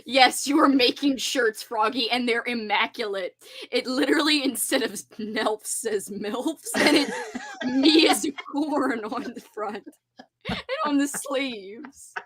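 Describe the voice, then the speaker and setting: A woman's voice: fairly high pitch, slow, a bit bright, slightly rough. A woman hosting a casual livestream chat, giggling and acting out lines from a book she is reading. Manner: chatty, giggly, acts out book characters. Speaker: host.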